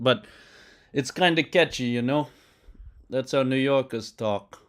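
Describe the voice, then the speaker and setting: A man's voice: medium pitch, moderate pace. A man streaming live while he codes, thinking aloud and chatting casually with viewers. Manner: thinks aloud, mutters code to himself.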